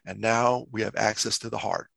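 A man telling stories on a podcast as guest, animated and acting out quotes in other voices. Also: on the low side, normal speed, gravelly, husky, dry recording. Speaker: guest speaker. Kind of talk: casual storytelling.

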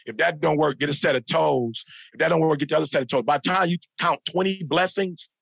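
A man's voice: on the high side, quick pace, gravelly, a bit bright, slightly rough, no room sound. A middle-aged man, a motivational speaker on a podcast, telling stories in an emphatic, preacher-like way, repeating phrases for punch. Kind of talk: animated storytelling in a podcast interview.

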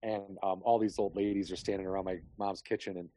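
A man's voice: sits low, level tone, fast, mellow, dry recording. A man hosting a podcast over a remote call, rambling through stories in a casual chat and swearing freely. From Chicago area. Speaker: podcast host.

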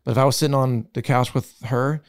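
A man's voice: mid-range voice, fairly even intonation, fast talker, no room sound, clean studio sound. A man in his thirties co-hosting a podcast in casual chat, rambling and conversational. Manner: rambling, conversational, fond of "I feel like". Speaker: podcast co-host. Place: theater.

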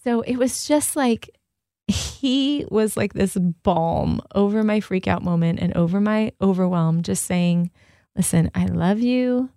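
A woman's voice: mid-range voice, a little slow, warm tone, no echo. A woman co-hosting a radio show, chatting expressively and laughing easily from a studio mic. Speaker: radio co-host. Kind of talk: casual radio chat. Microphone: studio microphone.

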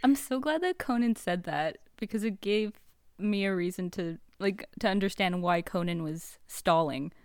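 A woman's voice: mid-range voice, moderate pace, dry recording, clean studio sound. A woman co-hosting a casual podcast, reacting and commenting in a chatty way, often laughing and hedging with "like.". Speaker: podcast co-host. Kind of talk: casual chat.

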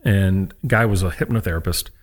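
A deep-voiced man speaks at a moderate pace as a guest in a casual interview. Once a college pitcher, he tells his stories animatedly and acts out the people he quotes.

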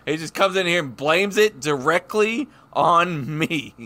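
A man on a casual podcast call, ribbing his co-host and cursing offhandedly. His voice is bright and swings widely in pitch, with an easy joking delivery. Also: animated, unhurried. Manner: teasing, joking, swears casually. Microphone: headphones on a call.

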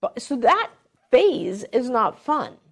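Middle-aged woman therapist explaining stuff, warm and reactive. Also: a little high, sing-song, slow, vocal fry. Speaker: behavior therapist. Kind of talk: conversational webinar chat.

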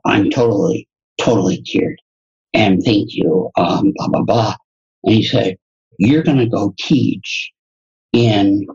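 A man's voice: fairly low pitch, vocal fry, husky, dull audio. A man, a guest educator and entrepreneur, telling a personal story in conversation and acting out the dialogue with animation. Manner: animated storyteller who acts out quoted dialogue.

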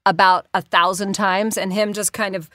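Animated middle-aged woman voice actor. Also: mid-range voice, moderate pace, dry recording, studio quality. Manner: animated, breaks into sung and character voices. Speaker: voice actor and voice director. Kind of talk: casual interview chat.

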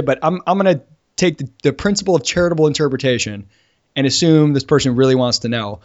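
A man hosting a podcast in casual chat, talking quickly and laughing easily. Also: fairly high pitch, lively intonation. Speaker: podcast host. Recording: dull lo-fi sound.

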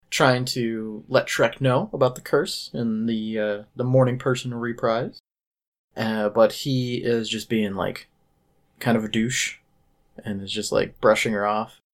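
A man chatting casually on a podcast, retelling a stage musical's story with animated asides and quick impressions of the characters. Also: medium pitch. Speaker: podcast host. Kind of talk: casual chat recapping a musical.

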